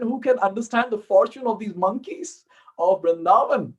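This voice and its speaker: A man with an Indian accent, a temple speaker giving an animated devotional storytelling talk and acting out the characters. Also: high-pitched, moderate pace, slightly rough.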